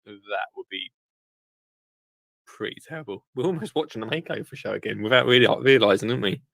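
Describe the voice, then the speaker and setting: A man's voice: lowish voice, expressive, fairly quick, gravelly, fairly bright tone, no room sound. A British man hosting a podcast, chatting casually with joking asides as he watches a show. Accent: British English. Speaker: podcast host. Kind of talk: casual watch-along commentary.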